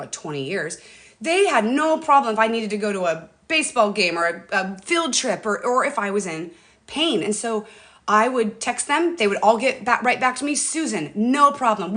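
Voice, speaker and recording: A woman's voice: mid-range voice, animated, moderate pace, a bit bright. A middle-aged woman chatting casually on her livestream, emotional and talkative, often calling out to her viewers. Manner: chatty, emotional, addresses viewers as "you guys". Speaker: livestream host. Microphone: phone or webcam.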